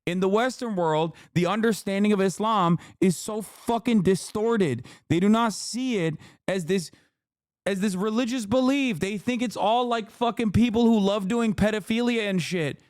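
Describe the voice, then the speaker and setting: A man's voice: sits high, moderate pace, a little mellow, clean tone, dry recording. Profane ranting male streamer, dry close mic. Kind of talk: casual reaction rant.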